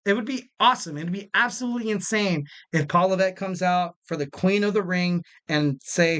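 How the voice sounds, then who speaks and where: A man's voice: high voice, expressive, fairly quick, few pauses, fairly bright tone. A man in his twenties hosting a wrestling podcast in a casual, rambling way, often repeating phrases for emphasis. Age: 20s.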